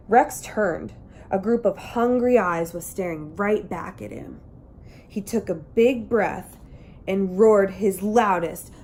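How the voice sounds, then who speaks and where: A woman's voice: medium pitch, darkish tone, slight background noise. A woman reading a children's picture book aloud, telling the story expressively and acting out the characters. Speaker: reader.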